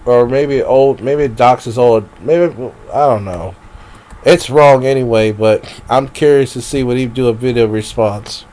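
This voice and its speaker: A man's voice: medium pitch, unhurried, a little mellow. A man live streaming, rambling and venting in a profane, emotional rant.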